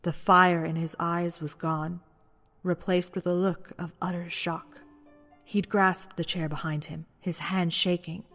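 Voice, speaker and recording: A man giving dramatic scripted audiobook narration, dropping to a hush at tense moments. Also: sits high, flat delivery, a little slow, soft background music.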